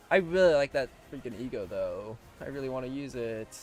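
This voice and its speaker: A young man live-streaming a game, swearing often and swinging between squealing pleas and low muttering. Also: expressive, brisk, few pauses, a little mellow, faint music behind. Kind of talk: live gameplay commentary.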